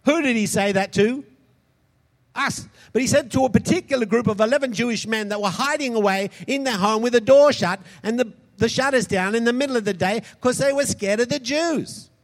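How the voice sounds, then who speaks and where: A man delivers an emphatic sermon in a notably high voice. He keeps pressing the congregation for responses. A long hall reverb hangs behind every phrase. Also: a little fast. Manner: emphatic, calls out for audience responses. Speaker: preacher.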